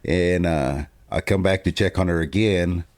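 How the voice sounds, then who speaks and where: A man with a very deep, low voice tells a family story in a casual, animated way. He laughs often and acts out what everyone said along the way. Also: moderate pace. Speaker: co-host telling his testimony.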